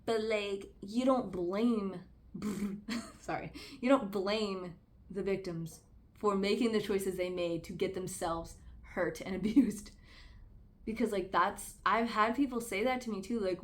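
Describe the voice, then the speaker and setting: A woman's voice: mid-range voice, slow pace. Vlogger, woman, mid-range voice; candid, earnest, conversational delivery. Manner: candid and conversational, heavy use of "like"; earnest, speaks out about personal experience. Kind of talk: casual commentary to camera.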